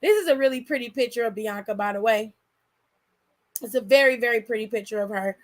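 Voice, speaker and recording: A woman hosting her own channel, chatting loudly and bluntly with her chat and swearing freely. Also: a little high, fairly quick. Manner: loud, blunt, profane, reads chat aloud. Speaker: channel host. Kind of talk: casual livestream chat.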